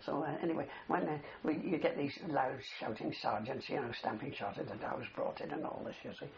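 A man's voice: medium pitch, fairly quick, vocal fry, a crowd in the background. An older man telling a long wartime story in an interview, rambling and tagging his sentences with "you see". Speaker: interviewee, war veteran. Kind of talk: oral history reminiscence. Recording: dull older recording with faint hiss.

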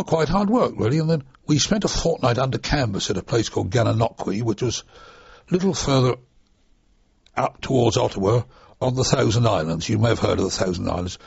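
Gravelly, husky older man. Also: on the low side, a little mellow, dry recording. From United Kingdom. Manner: chatty, rambling, chuckling asides. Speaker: interviewee, former RAF trainee pilot. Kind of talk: reminiscing oral history interview. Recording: dull lo-fi dry recording.

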